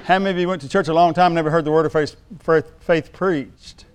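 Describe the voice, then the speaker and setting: Preacher guy in a church, high clear voice, jokes around then gets loud and emphatic. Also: fairly even intonation, fast talker. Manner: jokes with the congregation, rises to emphatic shouts. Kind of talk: sermon.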